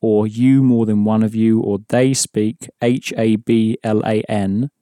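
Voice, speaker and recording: A man's voice: on the low side, dark tone, dry recording, studio quality. A man teaching an audio language lesson, patiently explaining rules and prompting the listener.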